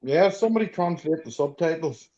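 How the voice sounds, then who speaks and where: A man's voice: a little high, lively intonation, a little fast, crowd noise. A man co-hosting a casual livestream chat, joking bluntly and swearing freely. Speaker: co-host. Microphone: video call. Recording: dull lo-fi stream audio.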